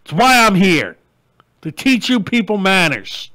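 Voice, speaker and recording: A middle-aged man hosts his own live online show, talking straight to his viewers in a blunt, crude, ranting way. His voice sits high for a man. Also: big pitch swings, a little slow, pushed and bright. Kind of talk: live-stream rant and chat.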